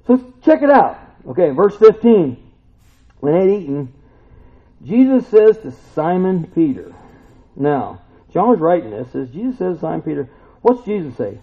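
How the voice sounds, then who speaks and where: Husky animated man preaching, phone-like sound. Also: fairly high pitch, moderate pace. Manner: animated, conversational, acts out the voices of people he quotes. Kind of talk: casual sermon. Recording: tinny lo-fi phone-like recording.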